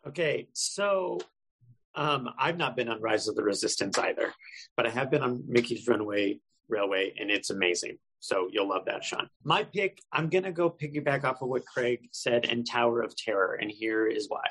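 A man in casual podcast chat, telling a self-mocking story with a gravelly voice. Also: medium pitch, a bit bright, low-quality recording.

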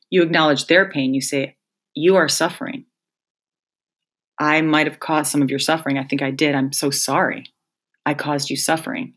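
Low-voiced woman hosting a reflective talk. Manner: conversational, speaks directly to listeners as folks. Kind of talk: reflective self-help monologue.

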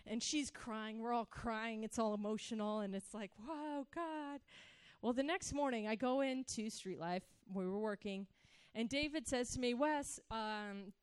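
A woman's voice: on the high side, normal speed, clear, resonant tone, no room sound. A woman giving a personal testimony in sermon style, telling her story with animation and acting out her younger self.

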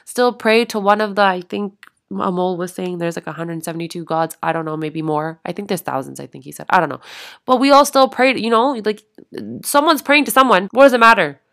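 A young woman from Canada, co-hosting a podcast in casual, expressive chat full of swearing. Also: mid-range voice, a little fast. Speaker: podcast co-host.

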